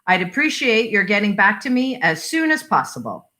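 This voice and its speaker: A woman's voice: mid-range voice, big pitch swings, moderate pace, pushed and bright. A woman reading the part of an impulsive middle-aged husband who speaks in short, insistent phrases.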